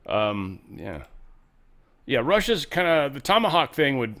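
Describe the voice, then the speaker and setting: A man's voice: mid-range voice, sing-song, unhurried, a bit bright. Blunt, profane male commentary host. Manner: blunt, profane, rambling asides. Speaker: show host. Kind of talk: casual political commentary.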